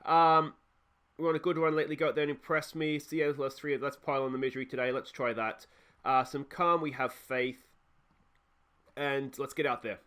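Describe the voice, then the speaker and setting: A young man with an Australian accent, hosting a let's play and giving chatty, excitable live commentary on a football management game, often talking to his players. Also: medium pitch, normal speed, clean tone.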